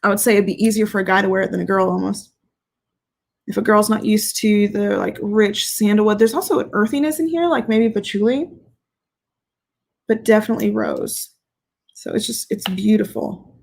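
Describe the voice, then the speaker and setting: This fragrance reviewer chats through viewer comments on a relaxed livestream, her mid-range voice gravelly and her pace moderate. Playful and frank, she laughs a lot and doesn't hold back on swearing.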